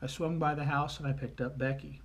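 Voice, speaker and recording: A man with a slightly higher voice than most men recounts family stories in a relaxed, folksy manner. He rambles a little and fills his pauses with easy "uh"s. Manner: folksy, chatty, with frequent "uh" pauses. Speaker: storyteller. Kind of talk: casual spoken anecdote.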